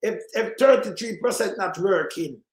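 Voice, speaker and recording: High-pitched Jamaican man ranting. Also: moderate pace, echoey room. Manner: emphatic, often shouting, in patois. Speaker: political commentator. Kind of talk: ranting commentary over clips.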